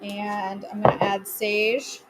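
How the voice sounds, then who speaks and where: A woman's voice: mid-range voice, monotone, slow, heavy background noise. A woman hosting a live cooking stream from her home kitchen, chatting casually and answering viewers by name with playful, self-mocking humor.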